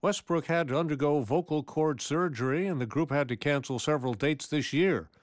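Man, radio news host, fairly high voice, dry close sound, crisp announcer read. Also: fairly quick, no room sound. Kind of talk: scripted news presenting.

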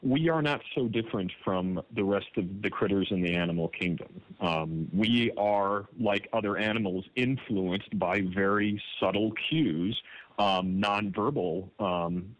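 A man, a professor, explaining his research in an interview, thoughtful and pausing with fillers. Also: on the low side, lo-fi sound. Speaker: political science professor. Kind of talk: interview comment.

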